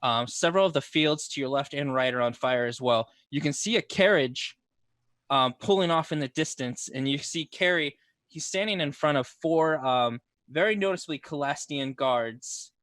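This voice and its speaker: A man narrating a tabletop game as game master in a loose, halting way. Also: fairly high pitch, fairly bright tone, dry recording, studio quality.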